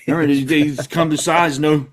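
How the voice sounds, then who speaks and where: A man's voice: a little high, fairly even intonation, normal speed. Laughing Pittsburgh man, rambling sports chat. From Pittsburgh area. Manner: rambling, laughs often, acts out silly dialogue. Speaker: podcast co-host.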